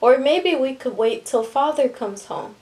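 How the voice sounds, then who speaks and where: A woman's voice: high voice, expressive, a little slow, a little mellow. A woman reading the lines of a worried young boy who keeps suggesting ways out. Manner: anxious, pleading.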